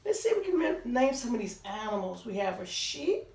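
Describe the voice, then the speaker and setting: A woman reading a picture book aloud to children, pausing to point out pictures and count along. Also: a little high, sing-song, darkish tone. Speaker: storytime reader. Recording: roomy sound, voice distant from the mic.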